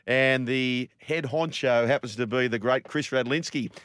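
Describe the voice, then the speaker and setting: A man's voice: mid-range voice, moderate pace, a bit bright, clear, resonant tone, no room sound, clean studio sound. A man hosting a sports radio show, introducing guests in an upbeat, punchy way. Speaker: radio host.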